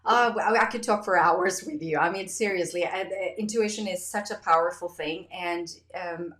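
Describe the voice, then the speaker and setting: A woman hosts a podcast in casual conversation, effusive and animated. Her voice sits a little low for a woman. The sound has a roomy echo around it. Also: normal speed. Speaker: podcast host. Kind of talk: casual interview chat.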